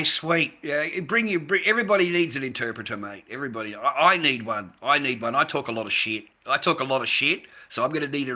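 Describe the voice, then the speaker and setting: An Australian man talking to viewers on a livestream, rambling and swearing freely, swinging between loud ranting and tired, low musing. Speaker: livestream host. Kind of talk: casual livestream talk to viewers.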